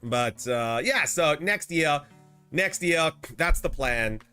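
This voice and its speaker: A man's voice: a little high, expressive, takes it slowly, pushed and bright, smooth, soft background music. A man with an Australian accent chatting casually to his live chat as a streamer, slangy and laughing often.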